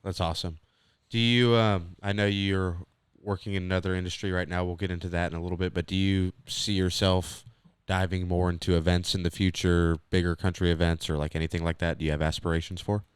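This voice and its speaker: Deep smooth-voiced podcast host. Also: male voice, level tone, brisk, no echo. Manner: chatty, leading questions. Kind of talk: casual podcast interview.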